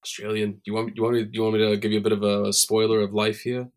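A man's voice: fairly low pitch, monotone, fast, lightly acted. A man playing a boastful, crude Hollywood voice guru who rambles and drops names as a guest on an improvised comedy podcast. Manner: rambling, name-dropping, self-important.

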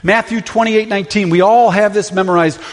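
A man's voice: high voice, steady tone, fairly quick. A man preaching a sermon from a church sanctuary, impassioned and full of rhetorical questions. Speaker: pastor. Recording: long reverb of a large hall.

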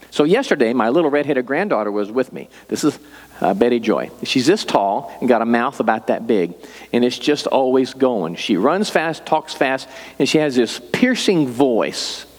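Older guy pastor, folksy sermon, mid pitch, lots of hall reverb. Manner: conversational storytelling preacher.

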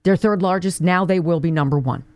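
A woman's voice: fairly low pitch, fairly quick, a little mellow, dry recording. A woman hosting a talk radio show, delivering an indignant opinion monologue full of rhetorical questions. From Pittsburgh area.

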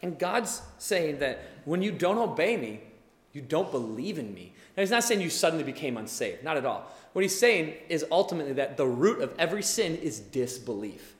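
A male pastor preaching a sermon in an animated way, acting out the people he talks about. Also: on the high side, normal speed. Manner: animated, acts out quoted voices. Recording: echoey hall with long reverb.

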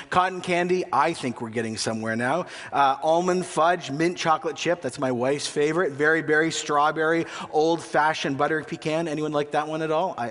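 A man's voice: fairly high pitch, a bit bright. A man preaching a sermon as a pastor, with a conversational, joking style and frequent questions to the congregation. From Canada. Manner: conversational and humorous, asks the audience questions. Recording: long reverb of a large hall.

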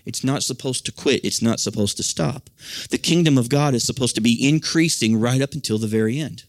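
A man's voice: mid-range voice, brisk, no echo. American male pastor, conversational sermon delivery, dry close recording. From United States. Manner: earnest, conversational preaching with frequent fillers.

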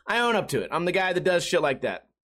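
A man's voice: high-pitched, very animated, fast, fairly bright tone. A young man hosting a podcast on his own, telling stories in a rambling, profane, self-deprecating way. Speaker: podcast host. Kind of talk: casual solo podcast monologue.

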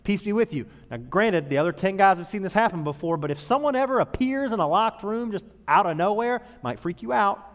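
A man preaches a sermon in a chatty, humorous way, slipping into quick impressions of the people he quotes. His voice sits a little high for a man. The sound rings with the long reverb of a large hall. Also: expressive. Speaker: pastor.

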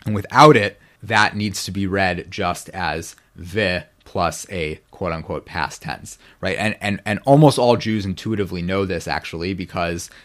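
A man's voice: sits low, normal speed, hardly any pauses, a bit bright. A man guest on a podcast, explaining biblical Hebrew in a teacherly way and often checking in with "right?". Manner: precise about Hebrew pronunciation. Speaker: podcast guest, Bible scholar.

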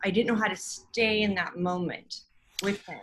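Bright-voiced woman telling a story. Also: mid-range voice, normal speed, low-quality recording. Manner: emotional, rambling storytelling. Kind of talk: casual podcast chat.

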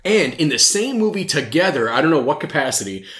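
A podcast host talks quickly in casual chat, rambling from one tangent to the next with jokes, swearing, and frequent laughter. His voice is a little high, sing-song, and a bit bright, and the recording has a roomy echo.

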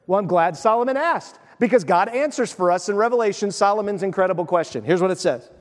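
A man's voice: high voice, expressive, quick pace, long reverb tail. A man preaching a sermon as pastor, emphatic and asking his listeners questions. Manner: emphatic, asks the crowd questions.

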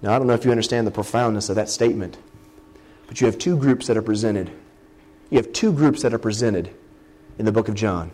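A middle-aged man preaching a sermon, animated and exclaiming, acting out the scenes he describes. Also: lowish voice, brisk, pauses often.

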